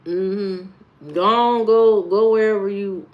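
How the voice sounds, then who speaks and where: A woman's voice: mid-range voice, steady tone, takes it slowly, muffled recording. A woman from Indiana with an Indiana accent, hosting a live stream, talking bluntly and loosely straight back to viewers' comments. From Indiana, USA.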